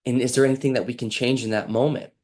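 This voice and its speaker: A man's voice: medium pitch, steady tone, quick pace, darkish tone. A man speaking as a healing practitioner in a casual motivational monologue, earnest and rambling, with frequent restarts and lines he acts out himself.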